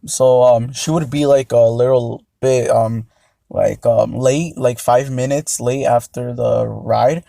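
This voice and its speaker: Young guy, casual storytime, rambling with lots of ums, mellow tone, dry close sound. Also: mid-range voice, steady tone, slow pace, vocal fry, dry recording. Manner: rambling, hesitant, many fillers. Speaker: vlogger.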